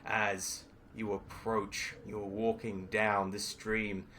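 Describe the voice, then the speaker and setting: Bright-voiced man narrating a tabletop game. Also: on the low side, flat delivery, slight background noise. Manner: dramatic, halting with fillers. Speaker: game master.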